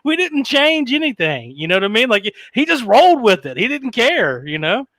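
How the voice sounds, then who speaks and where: A man's voice: extremely high pitch, very animated, normal speed, sharp tone, no echo. A man telling a story in casual chat, rambling and profane, laughing often and slipping into mimicked voices.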